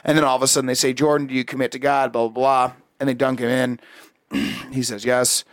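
A man telling a story in casual, profane chat, animated and swearing often. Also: medium pitch, a little fast, dry recording, clean studio sound.

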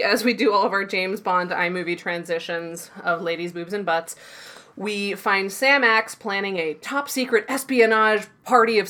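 A woman co-hosting a podcast, casually recapping a TV episode and acting out quick snippets of the characters' lines. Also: on the low side. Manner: animated storytelling with quick put-on quotes. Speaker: podcast co-host.

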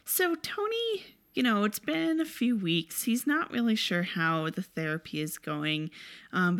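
Wry woman recapping a movie. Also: on the low side. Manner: wry, chatty, sarcastic.

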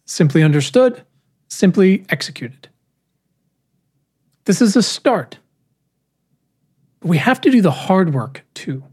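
A speaker giving a prepared keynote talk, with measured, rhetorical phrasing and emphatic pauses. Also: medium pitch, a little mellow, slightly rough.

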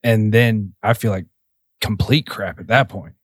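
A man's voice: fairly low pitch, measured pace, breathy edge, dry recording, studio quality. A man co-hosting a podcast, talking earnestly and reflectively about parenting, with some self-deprecation. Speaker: podcast co-host. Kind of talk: casual podcast chat.

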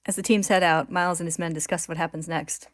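Low-voiced woman narrating a recap. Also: steady tone, fast talker, no room sound.

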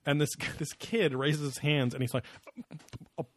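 A man's voice: a little high, steady tone, normal speed, no room sound. Rambling, laughing young man, dry mic. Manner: rambling, crude, laughs often. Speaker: podcast co-host. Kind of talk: casual comedic chat.

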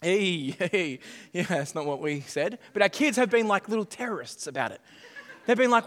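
A middle-aged pastor delivers a sermon in a fairly high, quick voice, animated and jokey, repeating phrases and doubling back on his words. A long reverb carries his voice as though he's in a large church hall.

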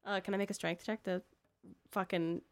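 A woman's voice: mid-range voice, flat delivery, moderate pace. A woman playing a tabletop game, brash and swearing freely. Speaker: player.

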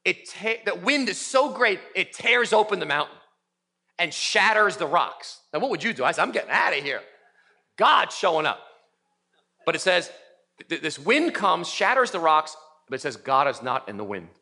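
A man's voice: high voice, moderate pace. A middle-aged male pastor preaching a sermon in a church, acting out biblical voices as he tells the story. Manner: animated, acts out voices of biblical figures. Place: church sanctuary in New York City.

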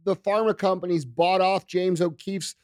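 A man's voice: high-pitched, fairly even intonation, normal speed, a little mellow, no room sound, studio quality. A young man co-hosting a casual podcast who gets heated and swears, calling people bro and dude. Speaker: podcast co-host. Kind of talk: casual chat.

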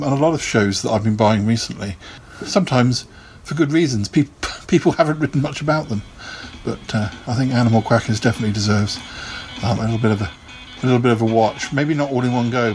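A man casually talking through an old children's annual and reading from it, relaxed and chatty with plenty of ums and asides. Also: medium pitch, slightly rough. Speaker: video host reviewing a vintage annual. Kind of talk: casual rambling commentary and read-aloud.

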